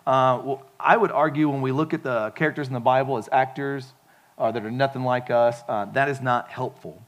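A man's voice: medium pitch, fairly even intonation, fairly quick. A man preaching a sermon as pastor, in a casual, conversational way with frequent asides to the congregation.

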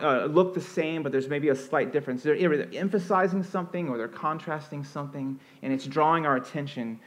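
A man preaching a sermon as pastor, earnest and expressive, rising and falling for emphasis, with a conversational flow and frequent restarts. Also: medium pitch.

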